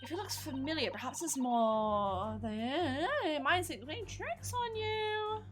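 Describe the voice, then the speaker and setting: Woman playing showy detective, measured and lofty, bright lively voice. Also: high-pitched, soft background music, heavily acted. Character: composed, theatrical great detective, man.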